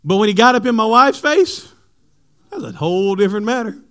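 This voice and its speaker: A male pastor, preaching a sermon with animated, humorous stories for his congregation. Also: high voice, a little fast, smooth. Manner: animated storytelling, jokes with the congregation.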